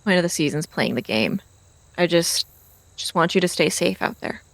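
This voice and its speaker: A woman's voice: on the low side, animated, dry recording. Woman running a tabletop role-play. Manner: voices other characters in quick asides. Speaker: game master.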